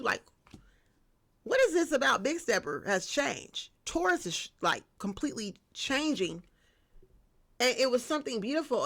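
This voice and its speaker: A woman giving a casual spiritual tarot reading, lively and slangy, talking straight to her viewers. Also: fairly high pitch. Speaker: tarot reader.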